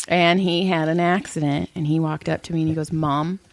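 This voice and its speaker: Low-voiced woman telling blunt stories. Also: little pitch movement, a little fast, vocal fry, no room sound. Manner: blunt, profane storytelling with acted-out quotes. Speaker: podcast co-host. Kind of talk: casual chat.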